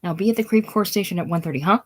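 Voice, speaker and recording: A bossy, motherly older woman who fusses and gives orders, read by a woman in a casual play reading. The voice is low-pitched for a woman. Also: very fast, natural voice. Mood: fussing. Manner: bossy, fussing.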